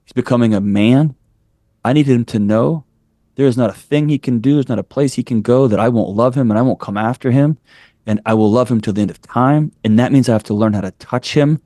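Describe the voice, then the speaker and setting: Here the same kind of podcast guest, a man in his forties, talks fairly quickly in a mellow, mid-range voice. He shares candid stories in an interview, blunt and building to a preacher-like fervor, and the studio recording carries no echo.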